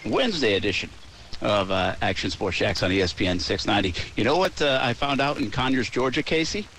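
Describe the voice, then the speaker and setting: A man's voice: medium pitch, animated, brisk, fairly bright tone, a little hiss or hum. A man hosting a sports radio show in casual chat, talking in a rambling, easygoing way with lots of fillers from outdoors at a ballpark.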